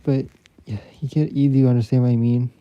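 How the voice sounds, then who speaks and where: A man's voice: mid-range voice, fairly even intonation, brisk, dull audio, slight background noise. A man chatting casually on a livestream, rambling and swearing freely while talking to his viewers. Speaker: streamer.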